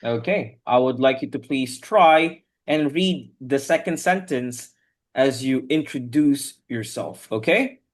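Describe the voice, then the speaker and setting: A man's voice: mid-range voice, lively intonation, slow. A man teaching an online English class over a video call, patiently correcting his students' pronunciation word by word.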